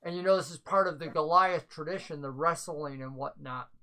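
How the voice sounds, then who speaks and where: A game master narrating a tabletop roleplaying session. The voice is bright, and the pitch sits in the middle. They explain rules at length and think aloud as they go. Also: fairly quick, poor audio.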